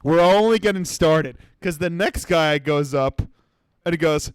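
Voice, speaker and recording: A man's voice: fairly high pitch, measured pace, clean tone, no echo. Sarcastic, profane man ranting, dry close sound. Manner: profane, sarcastic, mocking impressions. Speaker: comedy podcast host. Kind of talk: comedic rant.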